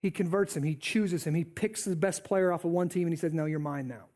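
A man preaching a sermon in an animated, conversational way. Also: high voice, fairly quick.

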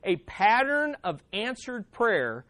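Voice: medium pitch, big pitch swings, takes it slowly, a bit bright, dry recording. A pastor preaching a sermon on a psalm, emphatic, repeating key phrases and calling for amens.

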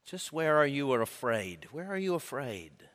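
A man preaching a sermon, emphatic and building, then dropping to a hushed intensity. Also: medium pitch, big pitch swings, unhurried. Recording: long reverb of a large hall.

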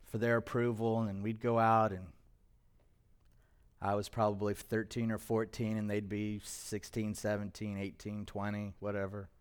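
A middle-aged male pastor telling a personal story in a sermon, emotional and halting at times. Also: on the low side, little pitch movement, smooth. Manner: emotional, personal testimony with pauses.

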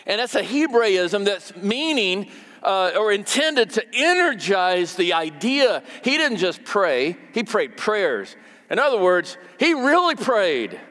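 A man's voice: high-pitched, fairly bright tone, big-room sound. A man preaching a sermon as pastor, conversational and repeating words for emphasis.

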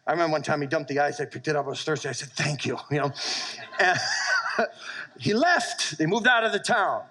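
A middle-aged male pastor preaching a sermon, telling animated stories and calling for amens from his church. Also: fairly high pitch, quick pace, a little hiss or hum, poor audio.

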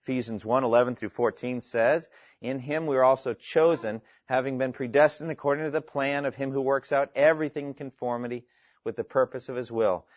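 A man's voice: mid-range voice, fairly quick, dry recording. Man, Bible teacher, earnest and emphatic, mid-range voice, dry lo-fi recording. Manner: earnest and emphatic, reads scripture aloud and explains it. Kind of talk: Bible teaching to a live class, taking questions.

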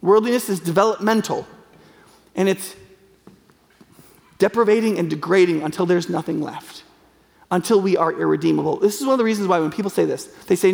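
A man's voice: high-pitched, a little fast, creaky, long pauses, darkish tone. A man preaching a sermon as a pastor, earnest and conversational, with frequent fillers and restarts. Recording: long hall reverb.

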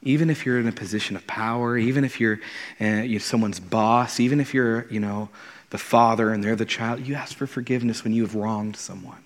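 A man's voice: lowish voice, steady tone, a little fast. A man, a pastor, preaching a conversational and earnest sermon in his thirties, often repeating words as he starts a thought. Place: church sanctuary. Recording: long hall reverb.

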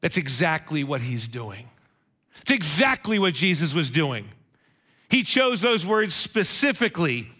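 A man with a high, bright voice preaching a sermon. He keeps it conversational, turning to his listeners with questions as he goes. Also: big pitch swings, measured pace.

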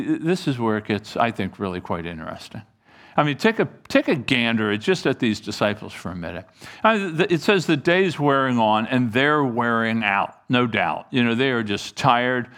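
A man preaching a sermon as pastor, animated and folksy, acting out short bits of dialogue. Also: on the high side.

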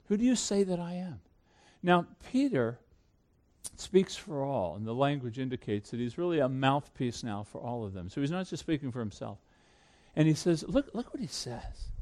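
Man, pastor, sermon, expressive, fairly high voice, emphatic then hushed. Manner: swings from loud emphatic peaks to hushed low asides.

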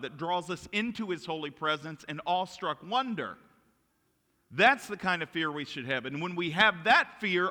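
A male pastor delivering a sermon, telling stories in an animated way with self-mocking jokes. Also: fairly high pitch. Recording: long reverb in a hall.

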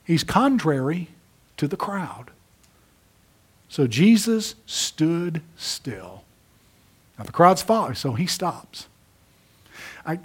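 A pastor delivers a sermon in a husky, slightly high-pitched voice. He builds to emphatic, forceful peaks, then sinks to low, quiet asides. The delivery is dramatic and expressive throughout.

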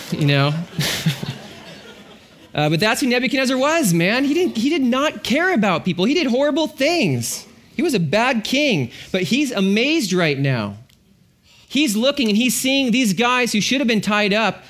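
A man's voice: high voice, fairly bright tone. A middle-aged male pastor preaching a sermon, telling the story animatedly and acting out the characters.

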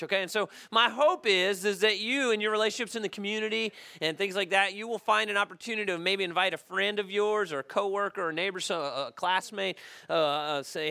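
A man's voice: high-pitched, brisk, gravelly, sharp tone, clean tone. A male pastor, preaching a conversational sermon and often checking in with "okay?".

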